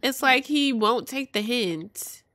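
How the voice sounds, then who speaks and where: Brief: young woman, bright higher voice, laid-back slangy game commentary. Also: expressive, takes it slowly. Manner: chatty, laughing, slangy. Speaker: let's play host.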